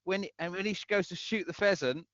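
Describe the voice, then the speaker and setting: A man guest in casual talk-radio chat, speaking haltingly with frequent restarts. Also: sits high, fairly bright tone, dry recording. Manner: halting, many restarts and repeats. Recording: muffled lo-fi audio.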